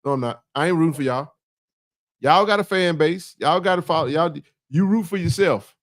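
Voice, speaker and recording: Animated high-voiced man trash talking. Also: moderate pace, no room sound, clean studio sound. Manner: emphatic, repetitive, playful trash talk. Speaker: sports talk host. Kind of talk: casual sports chat.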